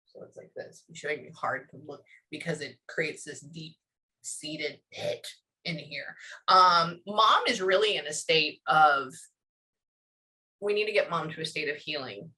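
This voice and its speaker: A woman working as a psychic medium, relaying messages in a reading, often pausing with "hang on" before carrying on. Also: low voice, sharp tone. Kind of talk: one-on-one reading session.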